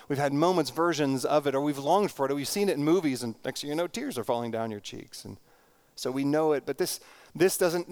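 A middle-aged man, a pastor, preaching a sermon in an earnest, reflective way, slowing down for emphasis and often repeating words. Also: fairly high pitch, darkish tone, clean tone.

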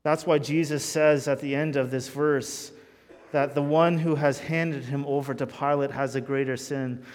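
A man preaching a sermon as pastor, earnest, moving between loud emphasis and hushed intensity. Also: on the high side. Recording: long hall reverb.

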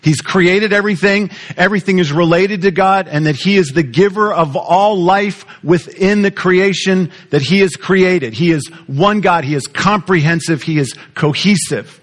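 A man preaching a sermon, teaching with lively repetition and questions to the congregation. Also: sits high, moderate pace, hardly any pauses. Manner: animated teaching, repeats words, asks the audience questions. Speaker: pastor.

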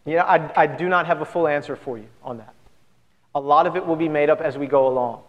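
A man's voice: on the high side, fast, highs cut off. Man preaching in a reverberant church. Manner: earnest, conversational preaching with rhetorical questions. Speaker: pastor. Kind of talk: sermon. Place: church sanctuary. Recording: long church hall reverb.

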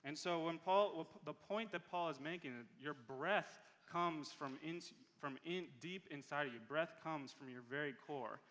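Bright-voiced male pastor preaching. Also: on the high side, big-room sound. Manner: earnest, repeats key phrases slowly for emphasis. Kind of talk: sermon. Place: church sanctuary.

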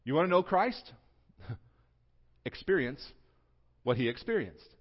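Man, pastor, conversational humorous sermon, slightly high voice, muffled lo-fi recording. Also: big pitch swings, a little slow, slightly rough. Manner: conversational, humorous, swings between loud emphasis and quiet. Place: church sanctuary.

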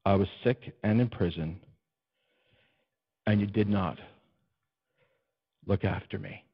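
Pastor guy preaching, goes quiet then loud and soaring, asks the crowd stuff, kinda muffled church recording. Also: slow pace, slightly rough. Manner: swings from hushed and low to loud and soaring, emphatic; asks the congregation questions. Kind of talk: sermon.

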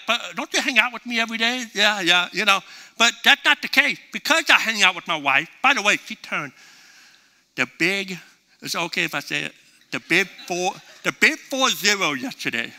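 A man's voice: high voice, normal speed. A middle-aged male pastor preaching a conversational sermon, acting out little dialogues as he goes. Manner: conversational, animated, acts out both sides of dialogues.

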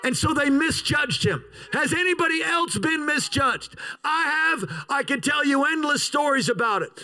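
A man in his fifties delivers a sermon with a high, bright, sharp-edged voice. He swings his pitch widely, lurching into shouts and then slowing to a drawn-out crawl to hammer each point home. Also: poor audio. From United States. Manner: animated preacher, bursts into shouts, slows for emphasis. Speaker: pastor.

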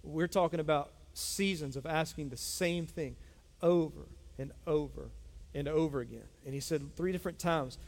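In a church sanctuary with long hall reverb, a middle-aged man preaches with force, repeating phrases and addressing his congregation directly. His pitch sits a little high and his pace is moderate.

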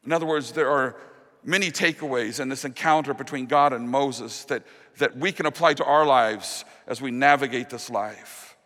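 A man preaching a sermon as pastor, earnest, dropping to a hushed, slow voice on the key promises. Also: medium pitch. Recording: long reverb of a large hall.

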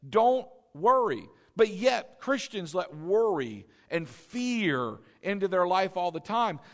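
A man's voice: sits high, sing-song, slow. A man preaching a sermon as pastor, exhorting the congregation, repeating key lines and asking them questions. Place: church sanctuary. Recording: long hall reverb.

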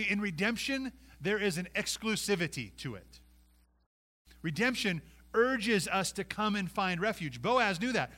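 A man preaching a sermon, pleading and animated, swinging from loud passion to hushed intensity. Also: high-pitched, normal speed. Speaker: pastor.

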